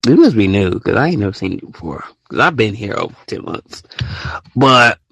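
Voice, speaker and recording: A man hosting a live audio show, ranting in casual slang and often jumping into high, mocking quotes. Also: sing-song, moderate pace, vocal fry, fairly bright tone, slightly rough, dry recording. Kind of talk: casual rant to listeners.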